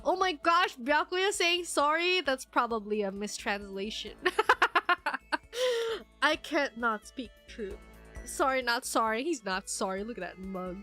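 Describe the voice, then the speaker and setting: Young woman, high voice, giggly, animated game commentary, faint music. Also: measured pace. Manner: animated, giggly, talks back to the screen. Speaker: streamer.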